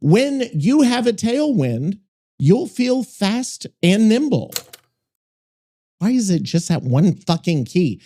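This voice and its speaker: A man's voice: sits high, big pitch swings, slow pace, dark tone, slight background noise. A man hosting a casual podcast, rambling and joking, swearing often and drifting off topic. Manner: joking, profane, easily sidetracked. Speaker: podcast host. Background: music and sound effects he plays.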